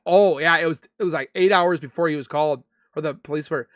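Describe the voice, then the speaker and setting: A young man hosts a live chat stream, reading viewer comments and answering them in a loose, rambling way. His voice sits fairly high for a man, and the sound is dry and close with no room around it. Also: dry recording. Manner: chatty, reads viewer comments aloud and reacts; loose, with restarts and quick asides. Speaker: livestream host reading chat.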